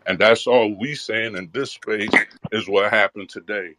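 A man's voice: lowish voice, fairly even intonation, a little slow, bright, forceful tone, a little hiss or hum. A man speaking earnestly in a live audio chat room, with a repetitive, preaching cadence. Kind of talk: impassioned conversational address.

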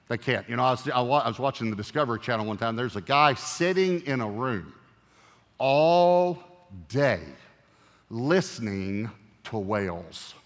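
A male pastor preaching a sermon with a middle-pitched voice that carries a long reverb through a large church hall. He is animated and playful, swinging from loud punchy lines to hushed earnest ones.

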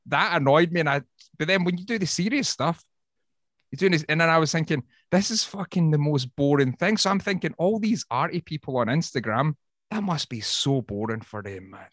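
A man's voice: fairly high pitch, brisk, no room sound, studio quality. A Scottish man, a woodworker, talking bluntly and swearing a lot in a casual podcast chat. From Scotland. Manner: sweary, blunt, animated storytelling. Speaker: woodworker guest.

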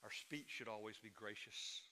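A man's voice: lowish voice, moderate pace, sharp tone, long reverb tail. A middle-aged man preaching a sermon as a pastor, moving between folksy stories and emphatic proclamation.

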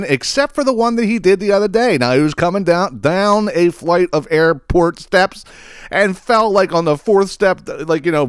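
A man's voice: mid-range voice, smooth, no echo, studio quality. A man hosting a podcast, ranting casually with lots of swearing and mocking laughter. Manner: profane, mocking, animated with laughs. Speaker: podcast host.

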